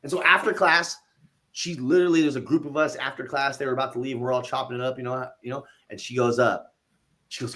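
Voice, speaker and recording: A man who owns a gym, telling a coaching story in a casual interview, animated and blunt, with some swearing. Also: medium pitch, fast talker. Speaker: gym owner and fitness coach.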